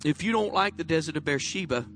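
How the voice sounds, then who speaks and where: A man's voice: fairly high pitch, expressive, quick pace, soft background music. A man pastor delivering an impassioned sermon. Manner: impassioned preaching, dropping to a soft voice in prayer.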